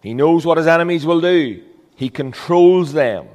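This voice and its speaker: A man's voice: fairly high pitch, animated, moderate pace, darkish tone, big-room sound. A man preaching a sermon as a pastor, earnest and emphatic, with rhetorical questions.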